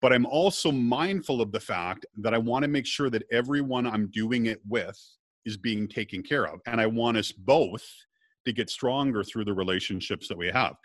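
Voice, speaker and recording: A man's voice: mid-range voice, normal speed, no echo. A middle-aged man telling a personal story in casual conversation as a guest, acting out what others said along the way. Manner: lively storyteller, acts out quoted dialogue.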